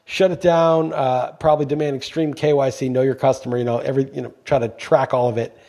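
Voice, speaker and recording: A man's voice: mid-range voice, steady tone, fast talker, gravelly, mellow. A man co-hosting a podcast, talking emphatically in casual chat and swearing freely when he gets going. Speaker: podcast co-host.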